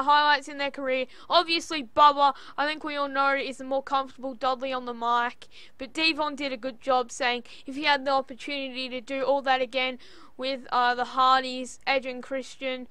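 An Australian woman rattles through a wrestling recap in a high, bright voice. She rambles, curses freely and keeps breaking into loud outbursts. The sound is close and dry, with no room around it. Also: normal speed, clean tone, no room sound. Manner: excitable, rambling, cursing, with sudden loud outbursts. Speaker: wrestling show reviewer. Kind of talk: casual recap commentary.

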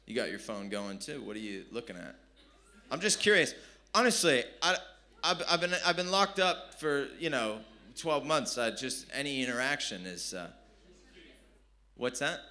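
A man's voice: mid-range voice, lively intonation, moderate pace, pushed and bright. A man from San Diego, performing brash, profane stand-up with crowd work at a live comedy venue. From San Diego, California.

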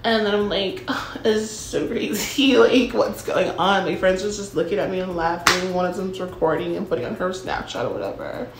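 A woman's voice: mid-range voice, moderate pace, noisy background. A young woman spins a comedic storytime in a brash, self-absorbed valley-girl voice, with "like" dropped into every other phrase and casual swearing. Her voice sits in an ordinary middle register. The recording carries a roomy echo. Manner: ditzy valley-girl talk full of "like".

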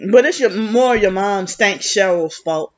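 A woman's voice: mid-range voice, lively intonation, unhurried. A woman vlogging in a rambling, agitated, accusatory monologue, full of restarts. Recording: muffled lo-fi recording.

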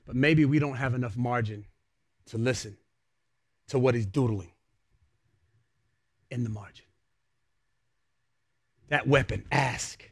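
A young adult male pastor preaching a sermon, swinging between hushed words and shouted peaks. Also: medium pitch, slow, long pauses.

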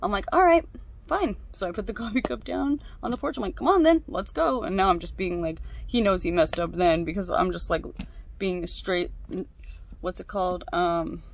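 A woman's voice: on the low side, moderate pace, slight background noise. A young woman chatting casually while she crafts, venting and swearing freely. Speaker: craft vlogger.

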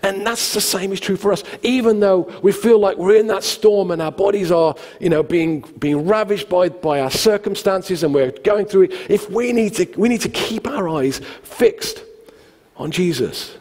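A man's voice: sits high, moderate pace, big-room sound. A man, a pastor preaching a sermon, telling the stories conversationally and acting out the quotes. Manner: conversational, animated storytelling with acted quotes. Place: church hall.

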